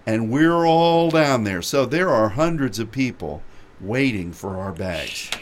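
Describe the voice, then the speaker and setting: A man hosting a radio show, telling a lively travel anecdote with laughter. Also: mid-range voice, unhurried, slight background noise. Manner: animated anecdote with frequent laughter. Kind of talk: storytelling chat.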